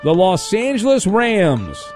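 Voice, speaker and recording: High-voiced male sports radio host. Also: huge pitch swings, slow pace, faint music behind. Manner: playful, teasing quizmaster. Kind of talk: sports radio game show hosting.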